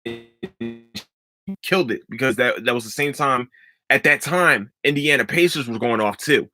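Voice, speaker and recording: A man hosting a casual sports podcast, giving emphatic, profane opinions in an animated way. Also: medium pitch, normal speed, no room sound, faint music behind. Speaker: podcast host.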